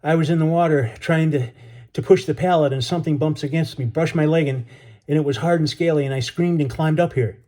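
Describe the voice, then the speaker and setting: A man's voice: a little high, normal speed, mellow, breathy edge, voice pushed up. Man putting on a scared young boy, stammering, panicky, raised voice, storybook. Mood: frightened.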